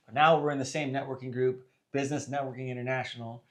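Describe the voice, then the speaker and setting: A man's voice: medium pitch, steady tone, fast talker. A man hosting a podcast interview, asking friendly questions and cracking dry jokes. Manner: jokey, friendly questions, says dude and man. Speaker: podcast host.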